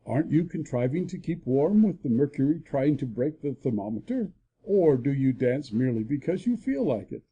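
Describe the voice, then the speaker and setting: A man's voice: mid-range voice, expressive, moderate pace, mellow, breathy edge, lo-fi sound. A man voicing a country doctor who teases with mock seriousness in a full-cast audiobook. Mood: dryly teasing. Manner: dry mock-serious teasing. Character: joking, grave older country doctor.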